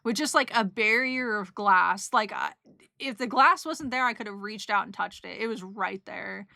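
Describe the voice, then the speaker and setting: A woman's voice: medium pitch, moderate pace, vocal fry, bright, forceful tone, dry recording, studio quality. A young woman casually recapping a trip for her stream, rambling and emotional, with giggles and lots of fillers. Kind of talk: casual chat.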